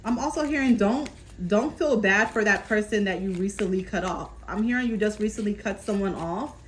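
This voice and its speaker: A woman doing a casual tarot reading, calmly relaying messages from spirit and often checking in with her listener. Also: medium pitch, fairly quick, a little hiss or hum, rough recording. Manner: reassuring, keeps checking in with "okay?". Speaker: tarot reader.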